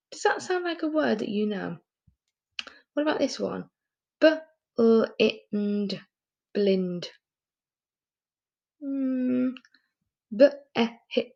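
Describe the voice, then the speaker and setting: A woman teaching a recorded phonics lesson to young children, sounding out words patiently and asking gentle teacherly questions. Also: medium pitch, creaky. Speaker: primary school teacher.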